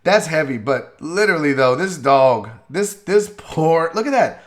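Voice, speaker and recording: A male talk show host giving a profane, animated comedic commentary on a viral video, laughing often. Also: a little high, unhurried. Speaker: sports radio host.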